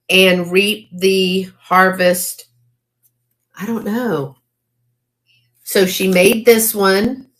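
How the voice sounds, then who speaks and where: A woman, hosting a casual live sale. She chats and exclaims over old items, and she reads faded handwriting aloud haltingly. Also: on the low side. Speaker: online live-sale seller.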